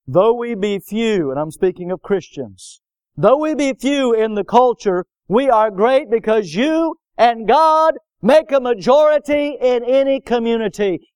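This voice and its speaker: Man, preacher, high voice, dry close sound, emphatic call-and-response delivery. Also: darkish tone, smooth, dry recording. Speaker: pastor. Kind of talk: sermon.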